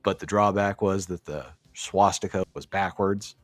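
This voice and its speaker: A man's voice: low voice, normal speed, no echo. A man co-hosting a podcast, recapping wrestling matches in a casual, profane, enthusiastic play-by-play way. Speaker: podcast co-host.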